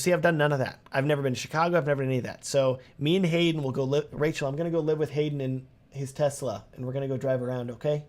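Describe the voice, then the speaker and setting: Chatty young man on a live stream. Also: mid-range voice. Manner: animated, talkative, reading comments aloud.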